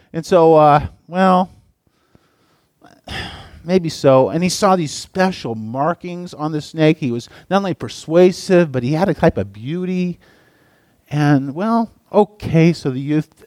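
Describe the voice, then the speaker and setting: A man preaching and telling a parable, his pitch swinging widely and lively. He stops and restarts often, leaning on fillers. The sound is dry and close, with no room echo. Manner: halting, lots of restarts and uh's, emphatic pitch swings. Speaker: pastor or Bible teacher. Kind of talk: sermon with storytelling.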